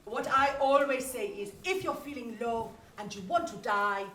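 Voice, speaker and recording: A woman's voice: on the high side, normal speed, a bit bright, lightly acted. A woman with an English accent acting a cheeky, motherly village cook in a pantomime, chatty and jokey. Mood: fussing. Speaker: amateur stage actor. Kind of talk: pantomime stage acting with ad-libs. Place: community stage hall. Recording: echoey hall from far off, noisy.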